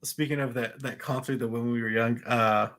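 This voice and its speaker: A man co-hosting a casual podcast, telling stories in an animated way, acting out what people said and laughing often. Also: medium pitch, moderate pace. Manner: animated storyteller, laughs often, acts out quotes. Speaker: podcast co-host. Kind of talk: casual chat.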